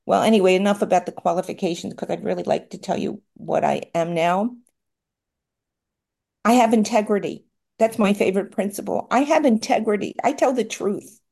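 A woman's voice: mid-range voice, moderate pace, gravelly, darkish tone, slightly rough. Middle-aged woman speaking at a recovery meeting; candid, rambling, self-mocking, near tears at times. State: tearful at times. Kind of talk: personal share at a support meeting.

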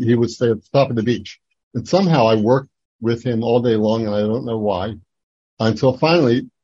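An older man from Atlantic City, New Jersey, speaks at a recovery meeting, giving personal testimony in a halting, mellow way. His mid-range voice is on a dry recording with the highs cut off, and his rambling story is full of fillers and restarts.

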